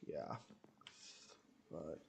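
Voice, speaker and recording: A man's voice: extremely slow, muffled recording. A man streaming a game, rambling to himself as he plays and trailing off mid-word. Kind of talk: casual gameplay commentary. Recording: noisy game stream audio.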